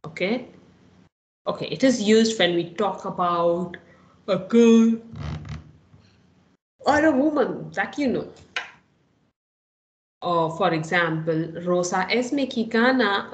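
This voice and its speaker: A woman's voice: on the low side, echoey room, poor audio. A woman teaches a Spanish lesson, explaining step by step and often checking in with "no?" and "okay?". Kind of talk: online lecture.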